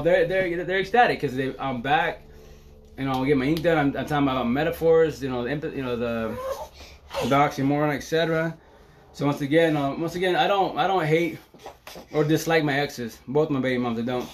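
Fast-talking, excitable man live streaming. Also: fairly high pitch, a little hiss or hum. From Seattle area. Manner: fast, excitable, slangy and profane with constant fillers. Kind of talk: casual Facebook Live monologue.

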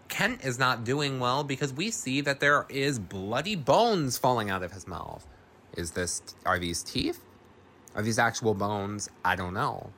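A man casually recapping a horror film as a host, animated and chatty, acting out the characters' lines between narration. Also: medium pitch, a little hiss or hum. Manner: animated, swears and laughs, acts out characters' lines.

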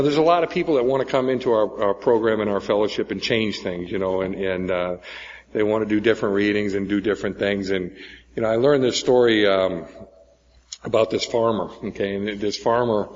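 Man in his forties telling his story in an echoey hall. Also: on the low side. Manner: storytelling, tags lines with "okay?" and "right?". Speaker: speaker at a recovery meeting. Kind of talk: personal recovery story talk. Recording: echoey hall, dull lo-fi sound, faint noise.

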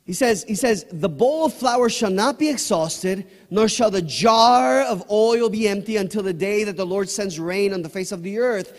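A man's voice: sits high, normal speed, few pauses, in a large hall. A man preaching a sermon as pastor, passionate and building to emphatic peaks.

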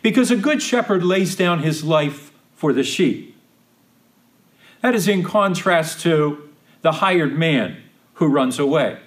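A man teaching a Bible study, speaking slowly and deliberately and stressing key phrases with emphatic repetition. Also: fairly high pitch, expressive. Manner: slow, deliberate, emphatic repetition of quoted verses.

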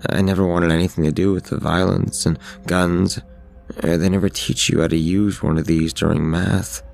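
A man's voice: low voice, level tone, normal speed, gravelly, darkish tone, soft background music. A man doing a timid, fumbling schoolteacher. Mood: sheepish. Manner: hesitant, apologetic. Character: timid, embarrassed middle-aged male math teacher.

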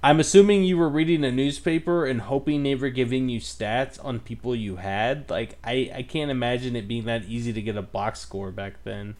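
A man's voice: mid-range voice, normal speed, few pauses, darkish tone. Rambling, jokey male co-host. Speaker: podcast co-host. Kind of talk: casual chat.

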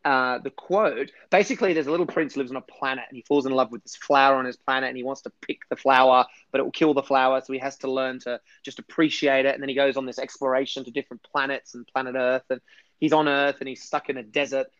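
A man's voice: medium pitch, steady tone, quick pace, fairly bright tone, no echo, lo-fi sound. A man talking enthusiastically as a guest in a casual interview, rambling a little with restarts. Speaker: podcast guest.

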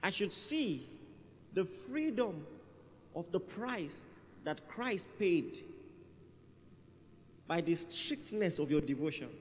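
A man's voice: high voice, sing-song, takes it slowly, pauses often, a little hiss or hum. A man preaching a sermon in a church hall, conversational and emphatic, often repeating his key phrases. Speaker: pastor. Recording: reverberant church hall, faint ambience.

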